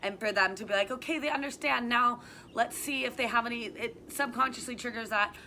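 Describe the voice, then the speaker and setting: A woman with a bright, fairly high voice talks earnestly about kids and feelings, often pausing on fillers as she thinks. She sits outdoors on a sunny day. A faint hum of background noise runs under the recording. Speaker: youth yoga and wellness instructor. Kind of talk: casual outdoor discussion.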